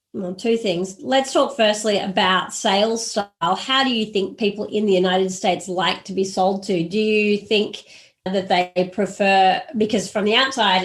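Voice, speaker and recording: A woman from Australia hosting a business podcast, posing long, thoughtful questions in a measured way. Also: medium pitch. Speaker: podcast host. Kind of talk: conversational interview.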